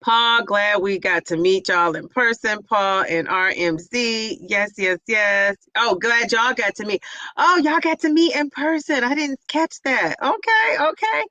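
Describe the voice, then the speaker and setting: A woman's voice: mid-range voice, measured pace, bright, forceful tone, dry recording, poor audio. Bubbly woman cheering on her livestream viewers. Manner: chatty, rambling with fillers. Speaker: livestream host reading viewer chat. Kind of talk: casual live chat.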